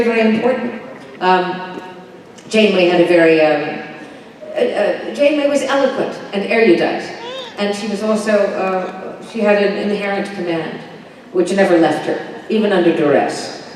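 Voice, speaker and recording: A woman's voice: medium pitch, darkish tone, slight background noise. A woman answering fan questions on a convention stage, with a theatrical and emphatic delivery. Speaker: convention panel guest. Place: large convention hall stage. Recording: echoey hall from far off, crowd.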